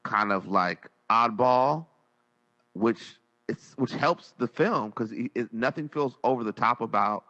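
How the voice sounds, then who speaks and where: A man's voice: medium pitch, measured pace, sharp tone, highs cut off. A man co-hosting a casual movie review chat, agreeable and stammering a little as he starts his points. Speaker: podcast co-host reviewing films.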